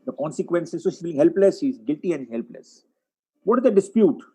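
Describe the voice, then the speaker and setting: A man giving a webinar lecture as a psychiatrist, walking through case examples and often clearing his throat. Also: a little high, expressive, a little fast, dark tone, low-quality recording. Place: online webinar.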